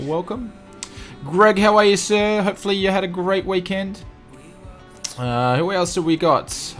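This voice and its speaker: A man's voice: high-pitched, a bit bright. An Australian man hosting a casual livestream, upbeat and greeting chat viewers one by one with repeated welcomes. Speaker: livestream host.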